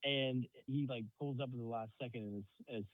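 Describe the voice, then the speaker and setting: A man's voice: medium pitch, brisk, no echo. A man co-hosting a podcast, retelling a movie plot in casual chat, acting out quotes with lots of swearing. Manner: animated storytelling with acted-out quotes and frequent swearing. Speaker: podcast co-host. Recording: dry tinny phone-like sound.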